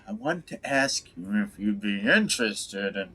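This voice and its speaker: A man's voice: on the low side, lively intonation, a little slow, few pauses, sharp tone, husky. A man streaming a game, reading dialogue choices aloud in loose, joking let's-play commentary. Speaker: gaming streamer. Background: game music.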